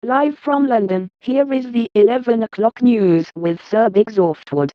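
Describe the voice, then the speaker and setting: A woman voicing a calm station announcer with a smooth announcing cadence, in a parody newscast. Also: fairly high pitch, measured pace, lightly acted. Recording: dull, muffled sound. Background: music.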